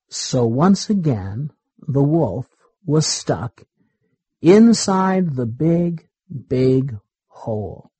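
A man reading a children's story aloud in a deliberate, simple way. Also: mid-range voice, big pitch swings, mellow, husky, no room sound, poor audio. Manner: slow, deliberate, repetitive phrasing.

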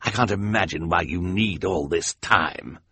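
A man's voice: low-pitched, measured pace, sharp tone, husky, dry recording, full character voice. A man playing a grumpy, growling villain count. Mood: grumpy, vain. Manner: growling, bossy. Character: grumpy scheming male villain count, vain. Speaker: audiobook character.

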